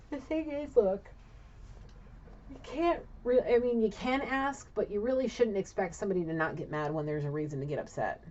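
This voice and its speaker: Low-voiced woman giving a blunt psychic reading. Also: a little mellow, a little hiss or hum. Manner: talks to spirit aloud, asking and answering her own questions; blunt, swears casually. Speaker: intuitive reader. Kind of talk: casual solo psychic reading. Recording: dull lo-fi recording.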